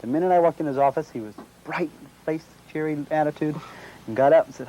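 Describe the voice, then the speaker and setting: A man's voice: fairly high pitch, quick pace, warm tone, a little hiss or hum, poor audio. A middle-aged man being interviewed, recounting a personal experience and acting out the dialogue of the people involved. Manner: acts out quoted dialogue while retelling. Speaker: eyewitness interviewee.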